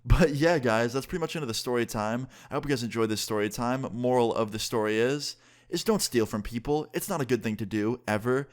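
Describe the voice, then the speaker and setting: A man's voice: mid-range voice, a little fast. A young man casually telling a story to his viewers, full of "like" and quoted back-and-forth. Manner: casual, filler-heavy retelling with lots of "like". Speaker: YouTuber telling a story time.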